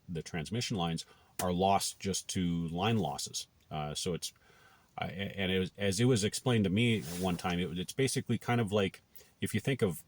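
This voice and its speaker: A man's voice: low voice, no room sound. A man from Canada talking casually to camera, thinking aloud with many restarts and okays. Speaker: blogger.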